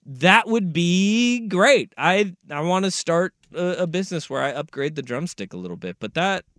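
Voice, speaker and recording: A man in casual radio banter, enthusiastic and quick to laugh. His voice is high and swings widely in pitch. He sounds close to a dry studio mic. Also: no room sound. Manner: lively, laughs easily, enthusiastic. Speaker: radio co-host. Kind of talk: casual sports radio chat.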